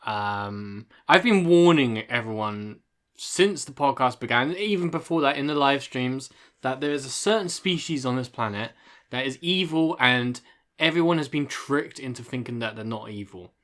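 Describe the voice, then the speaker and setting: A man's voice: mid-range voice, animated, moderate pace, a bit bright. A man co-hosting a casual podcast, eagerly building up a news story. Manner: eager, builds up his news with a dramatic setup. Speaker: podcast co-host. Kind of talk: casual chat.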